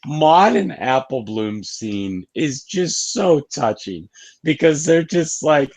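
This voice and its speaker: A man's voice: fairly high pitch, very animated, slow pace, darkish tone. A man co-hosting a casual review show, recapping an episode with wry asides. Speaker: show co-host.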